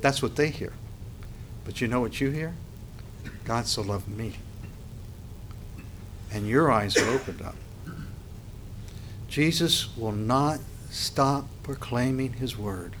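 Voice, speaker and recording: A man preaching a sermon as a pastor. He rises sharply in pitch and volume when he reads scripture aloud. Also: a little slow, a bit bright, a little hiss or hum.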